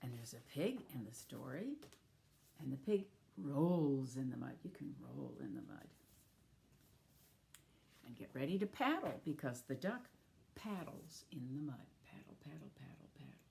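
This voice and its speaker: Low, gravelly-voiced woman reading to children. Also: very animated, unhurried, pauses often, dark tone, slight background noise. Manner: inviting, playful, acts out actions with sound effects. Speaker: children's storyteller. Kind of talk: reading aloud to young children.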